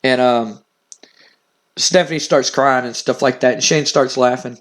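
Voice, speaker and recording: A man's voice: medium pitch, fairly even intonation, unhurried. Rambling man retelling a game story. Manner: rambling, stammering with restarts. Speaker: gaming channel host.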